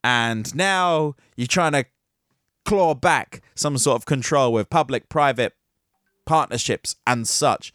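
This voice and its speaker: A man's voice: medium pitch, big pitch swings, normal speed, fairly bright tone, no echo, studio quality. A man hosting a podcast, giving theatrical, sarcastic solo commentary on tech news. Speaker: podcast host.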